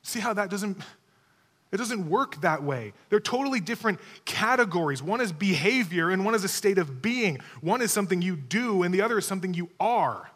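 A man's voice: high voice, animated, brisk, a bit bright. A man preaching a sermon, teaching emphatically, repeating key words and checking in with his listeners. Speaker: pastor. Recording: long hall reverb.

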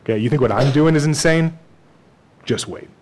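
A man's voice: mid-range voice, moderate pace, a little mellow. A man preaching a sermon in a conversational way, acting out bits of dialogue and laughing with the congregation. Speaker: pastor.

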